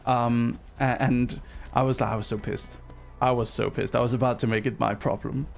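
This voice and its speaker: A man telling a story on a livestream, animated, emphatic and full of profanity. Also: medium pitch, moderate pace, creaky, soft background music.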